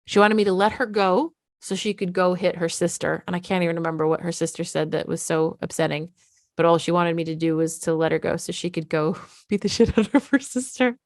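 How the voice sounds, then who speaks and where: A frank, middle-aged woman coaching parents in a casual, unfiltered way. Her voice sits somewhat low and sounds dry and close, with no room echo. She swears freely. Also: fairly even intonation, normal speed. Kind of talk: candid talk to parents.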